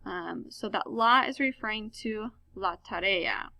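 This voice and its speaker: A woman's voice: mid-range voice, measured pace, vocal fry, pushed and bright, no echo. A woman teaching a recorded lesson as a Spanish teacher, upbeat, asking and answering her own questions with many ums. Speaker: high school Spanish teacher.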